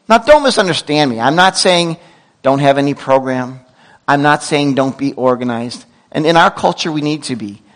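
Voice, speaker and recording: A middle-aged pastor preaches a sermon in a voice that sits high, telling stories with lively asides and quick self-corrections. The recording is rough.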